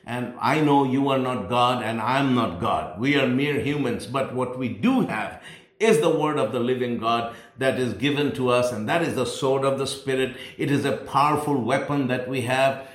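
Male preacher, sermon, emphatic, repetitive stress, mid-pitched voice, echoey room. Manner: emphatic, repeats key phrases, slows for stress.

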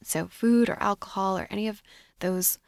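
A woman hosting a solo podcast, talking in a measured, reflective coaching tone. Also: medium pitch, fairly even intonation, vocal fry, no room sound, studio quality. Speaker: podcast host.

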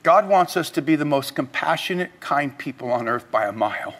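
A middle-aged male pastor preaching a sermon, swinging between loud urging and quiet, confessional talk. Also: fairly high pitch, animated, a little fast.

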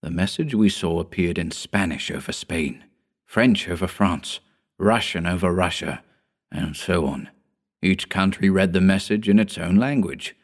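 A weary older astronomer explaining a dreadful truth in a deep, low voice, gentle but grave, as a male reader plays him. His storybook voice stays measured and calm.

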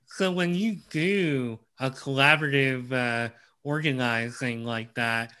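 Male interviewer, unhurried and deliberate, bright forward tone. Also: mid-range voice, clean tone. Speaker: interviewer host. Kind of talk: interview questions.

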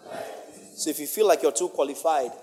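A male preacher delivering a sermon, emphatic and playful, swinging from loud outbursts to hushed lines. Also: on the high side, quick pace, a little hiss or hum. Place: church hall. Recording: long reverb of a large hall.

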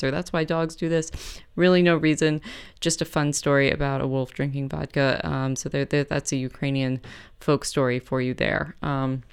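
Smooth-voiced woman host telling a folk tale. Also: sits low. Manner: chatty, relaxed, with fillers and self-corrections. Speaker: host of a music program. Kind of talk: casual storytelling between music.

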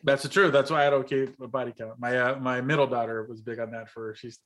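A man's voice: medium pitch, steady tone, brisk, a loud crowd. A man hosting a podcast in casual chat, telling stories with lots of laughter and swearing. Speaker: podcast host.

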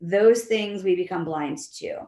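A woman, a leadership coach and behavior analyst, explaining her method as an interview guest in an animated way. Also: fairly low pitch, unhurried, reverberant. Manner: animated, acts out quoted voices of employees and leaders.

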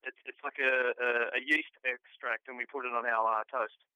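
A man's voice: medium pitch, fairly even intonation, normal speed, clean tone, no echo, highs cut off. A man with an Australian accent, a guest musician chatting cheerfully in an interview, repeating words as he goes. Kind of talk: casual interview chat.

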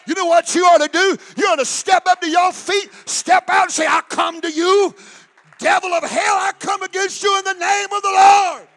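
A male pastor preaching a fiery sermon, shouting and then dropping to quiet. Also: very high voice, fairly even intonation, moderate pace, some chatter behind. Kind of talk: Pentecostal sermon.

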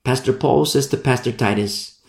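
A man preaching a Bible sermon in a conversational way, repeating and restarting phrases and slowing down to stress key words. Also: mid-range voice, gravelly, reverberant.

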